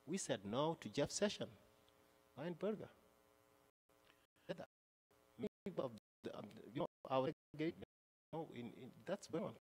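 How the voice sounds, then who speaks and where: A man's voice: medium pitch, husky. Accented male councilor, impassioned floor speech, reverberant council hall. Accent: non-native English. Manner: emphatic, repeats and restarts phrases. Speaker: city councilor. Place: city council chamber. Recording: long reverb of a council chamber.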